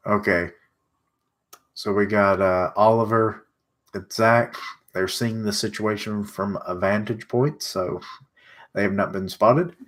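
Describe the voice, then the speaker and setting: A man's voice: on the low side, slow pace, long pauses, fairly bright tone. A young man streaming a live comic readthrough, making crude joking asides, with a stuffy nose.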